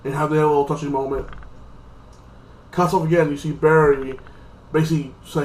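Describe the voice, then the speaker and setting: A man's voice: fairly high pitch, flat delivery, fairly quick, long pauses, darkish tone, slight background noise. A man giving a casual spoken review, rambling loosely with lots of fillers and restarts. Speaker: TV episode reviewer. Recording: echoey room.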